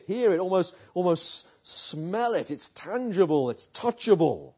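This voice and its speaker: Husky-voiced preacher asking vivid questions. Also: male voice, medium pitch, warm tone, lo-fi sound. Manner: vivid, questioning, rhetorical build-up. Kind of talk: sermon.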